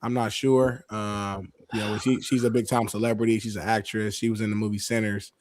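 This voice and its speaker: A man's voice: on the low side, brisk, no echo. A man co-hosting a sports talk show, talking casually with many ums and restarts. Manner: hesitant, filler-heavy, then animated when arguing.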